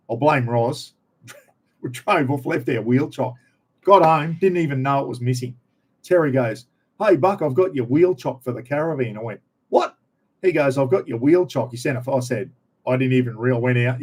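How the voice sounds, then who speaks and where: A man's voice: mid-range voice, a little mellow. Middle-aged aussie bloke rambling on his vlog, easygoing, slangy, chuckles a lot. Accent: Australian. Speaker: vlogger. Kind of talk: casual rambling chat.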